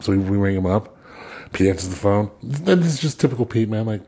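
A man with a somewhat low, husky voice tells anecdotes in a relaxed conversation. He laughs often and restarts his sentences as he goes. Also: fast talker. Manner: animated storyteller, laughs a lot, repeats words. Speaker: guest musician. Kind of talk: casual storytelling chat.

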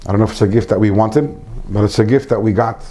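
Guy teaching a small torah class, earnest, mellow voice, repeats himself a lot. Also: on the low side, fast talker, a little hiss or hum. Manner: earnest, repeats phrases, sprinkles Hebrew and Yiddish terms. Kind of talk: informal Torah lesson to a small group.

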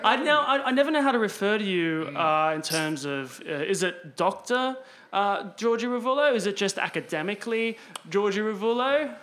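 A man's voice: high voice, animated, normal speed, fairly bright tone. A man hosting a podcast, chatting casually at a dinner table, laughing often and restarting his sentences. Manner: laughing, enthusiastic, talks in restarts. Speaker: podcast host. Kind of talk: casual chat.

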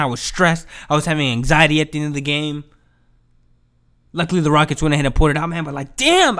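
Podcast host, male. Pitched a bit high, cusses freely, rambles, and swings between mumbling and loud fired-up bursts. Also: clear, resonant tone. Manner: profane, rambling, swings from mumbling to excited outbursts. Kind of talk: casual solo podcast rant. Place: home.

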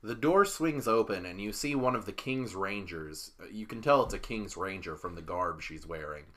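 A man's voice: on the low side, lively intonation, moderate pace, a bit bright. A man narrating as game master of a tabletop game, casual and chatty, voicing figures now and then. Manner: casual, voices figures with a put-on accent.

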